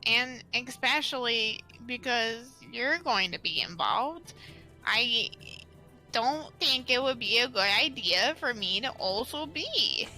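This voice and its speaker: A woman's voice: on the high side, lively intonation, slow, bright, forceful tone, soft background music, heavily acted, poor audio. A woman voicing a timid teenage troll boy who speaks hesitantly and reluctantly.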